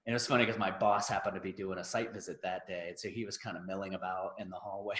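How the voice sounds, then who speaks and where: A man's voice: sits low, steady tone, quick pace, a bit bright. A man hosting a podcast, telling a story in casual, emphatic chat. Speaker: podcast host. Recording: roomy echo.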